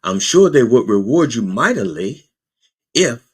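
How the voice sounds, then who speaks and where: A middle-aged man rambles through a comedic, profane political monologue, his husky voice swinging widely in pitch. He piles on jokey asides and breaks into high mocking voices when he quotes people. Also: big pitch swings, unhurried. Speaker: podcast host.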